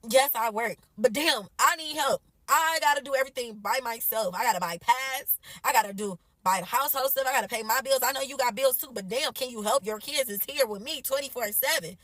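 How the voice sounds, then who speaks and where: A woman's voice: a little high, brisk, fairly bright tone, dry recording, rough recording. Tearful, profane young woman venting. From United States. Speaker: mother posting a social media video. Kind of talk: emotional venting to camera.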